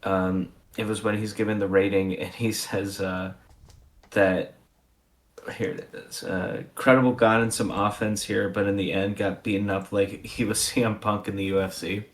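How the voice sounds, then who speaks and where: Man on a podcast, very low voice, relaxed, lots of ums and likes. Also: moderate pace. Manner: easygoing, many ums and likes. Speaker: podcast co-host. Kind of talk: casual podcast chat.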